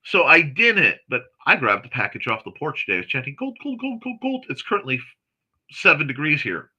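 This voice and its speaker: A man hosting a morning livestream, chatting casually and reading viewer comments aloud in a chatty, excitable way with snarky asides. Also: medium pitch, fairly quick, husky. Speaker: host of a morning livestream chat show.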